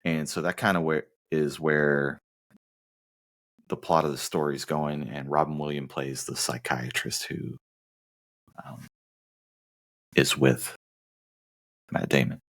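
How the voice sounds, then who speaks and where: A man's voice: very deep voice, steady tone, slow, long pauses. A man from the American South co-hosting a casual movie podcast, teasing his co-host and rambling through plot summaries. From Southern United States. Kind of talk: casual movie-review chat.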